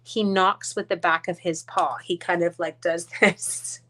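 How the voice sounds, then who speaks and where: A fairly low, steady, slightly bright female voice at normal speed belongs to a Canadian card-making demonstrator. She talks casually and rambles through her live-stream craft demo, muttering under her breath and addressing her dogs.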